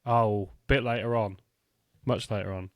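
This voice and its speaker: A podcast co-host chatting casually about history, cutting in with jokes and quick banter. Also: mid-range voice, no room sound, clean studio sound. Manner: joking banter, lively interjections.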